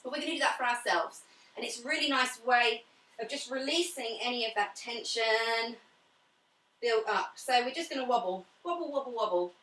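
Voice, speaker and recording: A woman talks a class through slow stretches and breathing, her calm cues mixed with friendly asides. Her voice sits a little high. She is some way from the mic in a room with a noticeable echo. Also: distant mic. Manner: calm, chatty guidance with soft cues. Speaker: pilates instructor. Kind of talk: guided pilates class. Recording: echoey room, away from the mic.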